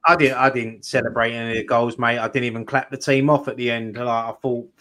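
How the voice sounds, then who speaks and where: A man's voice: medium pitch, level tone, quick pace, bright, forceful tone. A man, co-hosting a casual post-match fan chat in a loose, rambling way. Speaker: co-host.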